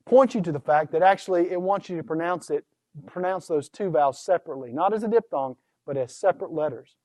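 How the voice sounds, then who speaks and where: A man with a high voice lectures in a patient, teacherly way, putting questions to his students and then answering them himself. The sound is dry and close, with no room echo. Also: a little mellow. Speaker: Greek instructor. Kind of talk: recorded course lecture.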